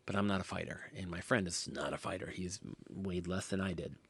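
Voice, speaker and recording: A man hosting his own podcast, telling a rambling story casually and often dropping to a hushed near-whisper. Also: sits low, fairly even intonation, fairly quick, vocal fry, husky. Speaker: podcast host.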